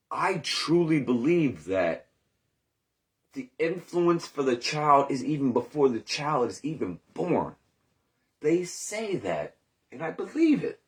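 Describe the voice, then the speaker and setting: A man in recovery telling his story in a candid, rambling monologue, swearing often and questioning himself aloud. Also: fairly high pitch. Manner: rambling, profane, self-questioning.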